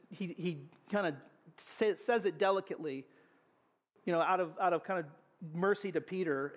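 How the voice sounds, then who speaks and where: A man preaching a sermon, earnest and animated, with quick asides to the congregation. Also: high voice. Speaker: pastor.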